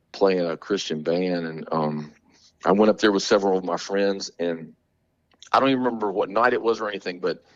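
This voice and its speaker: A man with a fairly low voice tells stories in a relaxed interview, using plenty of slang and laughing as he goes. His recording sounds dull and a little lo-fi. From Montgomery, Alabama. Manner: animated, laughing, slangy storytelling. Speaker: guest musician, drummer. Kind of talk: casual storytelling interview.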